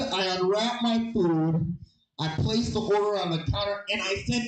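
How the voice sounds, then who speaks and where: High, lively man doing stand-up. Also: moderate pace, roomy sound, music in the background, low-quality recording. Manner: loud, animated storytelling with shouted quotes. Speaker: stand-up comedian. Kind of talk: stand-up set.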